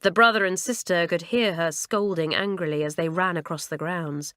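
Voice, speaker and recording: A woman narrating a children's audiobook in a measured storytelling manner. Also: lowish voice, a bit bright, no room sound, studio quality. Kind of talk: scripted narration.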